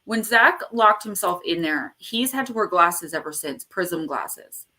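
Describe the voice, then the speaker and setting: A woman hosting a casual live stream about the paranormal, rambling and animated as she tells stories. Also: fairly low pitch, a little slow. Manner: animated, rambling storyteller who acts out quotes. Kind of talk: casual livestream chat.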